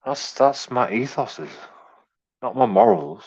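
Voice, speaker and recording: A man's voice: mid-range voice, very animated, a little slow, vocal fry, a little mellow, breathy edge, muffled recording. An English man ranting casually, full of swearing and stumbling restarts. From England. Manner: profane, rambling, stumbling repeats, chuckling. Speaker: YouTube commentator. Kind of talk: casual rant.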